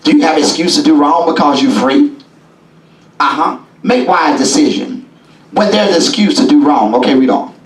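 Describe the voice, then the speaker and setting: A man preaching a sermon as bishop in a church, folksy and call-and-response, rising now and then into shouts. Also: on the high side, lively intonation, normal speed. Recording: echoey church from a distance.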